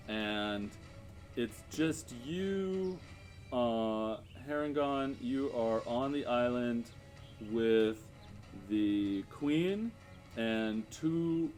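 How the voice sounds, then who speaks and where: A man with a mid-range voice narrates as game master of a tabletop game, unhurried and hesitant, with many fillers. Music plays in the background.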